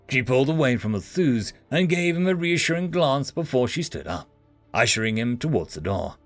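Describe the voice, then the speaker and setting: A man narrating a science-fiction story in an expressive reading style. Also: mid-range voice, moderate pace, dry recording, faint music behind.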